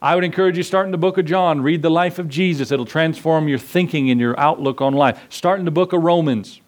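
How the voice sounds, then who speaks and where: A man's voice: fairly high pitch, a little fast. A middle-aged male pastor preaching a sermon in a conversational way, acting out voices in his stories.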